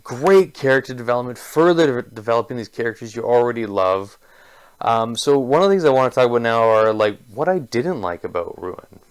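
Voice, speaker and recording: A man's voice: medium pitch, lively intonation, a little fast, smooth. A man giving a casual spoken book review, enthusiastic and gushing, with lots of filler words.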